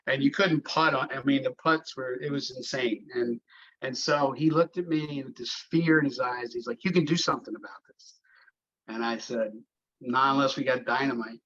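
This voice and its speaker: A middle-aged man chatting through a podcast interview, winding through his stories with plenty of "uh" and false starts. His voice sits at an ordinary middle pitch, and the recording is dull and lo-fi. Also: steady tone, moderate pace, a bit bright. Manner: rambling storyteller, many fillers and restarts. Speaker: golf course superintendent.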